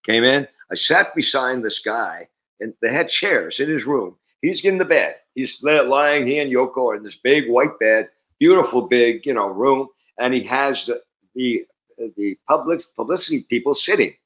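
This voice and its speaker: A Canadian man in his sixties, a musician, is the guest in a casual interview, telling stories in an animated way and acting out the voices. His pitch is medium and his pace moderate, though the audio is poor.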